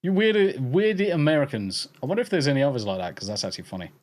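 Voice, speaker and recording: An English podcast host banters with chat and swears freely, laughing through the casual exchange as he reads messages. His fairly high voice is sing-song and quick.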